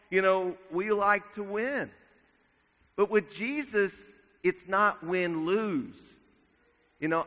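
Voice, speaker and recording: A man delivering a sermon at a slow, deliberate pace, his voice sitting a little high for a man. He sinks into a near hush at solemn moments. The sound is dull and muffled, with a long reverb trailing off the walls of a large church. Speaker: preacher.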